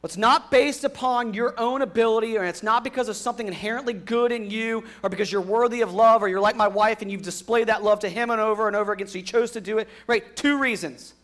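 Earnest man preaching, higher-pitched voice. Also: quick pace, hardly any pauses. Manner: earnest, swings from emphatic to quiet and hushed. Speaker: pastor. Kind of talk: sermon.

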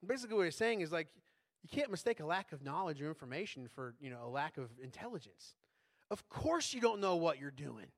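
A man's voice: fairly high pitch, big pitch swings, fairly quick. A man preaching a sermon as a pastor in a conversational way, often checking in with tag questions.

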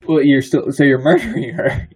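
A man with a husky voice that swings widely in pitch, bantering casually on a comedy podcast. His delivery is jokey and playful. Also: lively intonation, moderate pace, a little mellow, rough recording. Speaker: podcast co-host.

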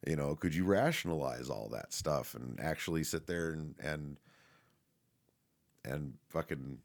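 A man with a very low, deep voice talks in a loose, rambling monologue. He swears freely, leans on fillers and restarts, and laughs now and then as he goes. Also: a little slow, creaky. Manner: laughs often while talking.

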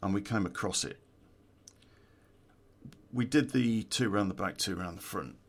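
A man's voice: on the low side, unhurried, slightly rough. A man, telling a true-crime story in a casual, profane way and laughing at his own story.

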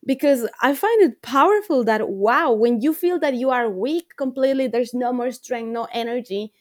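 A woman coach talks earnestly as a podcast guest. Her voice sits fairly high, and she piles up phrases to stress a point. The sound is dry and close, with no room echo. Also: normal speed. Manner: earnest, reflective, repeats phrases for emphasis. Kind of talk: podcast interview.

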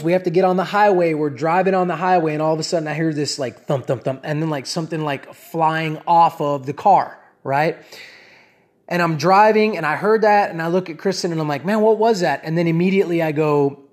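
A man with a somewhat high voice tells his audience a personal story that builds to a lesson. He talks in an animated, rambling way, repeats himself and keeps checking in with "right?" and "you know?". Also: fairly quick. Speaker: speaker addressing his audience.

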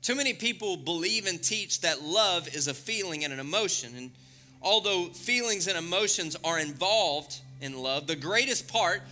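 A middle-aged male pastor preaching a sermon, swinging between loud, excited passages and hushed, intimate ones. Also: sits high, normal speed, faint music behind.

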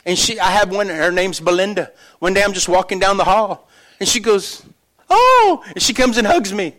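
A middle-aged man preaching a sermon as pastor, telling stories with animated energy and dropping to quiet, earnest emphasis. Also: high voice, a little fast. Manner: animated storytelling that shifts between loud excitement and quiet earnest emphasis.

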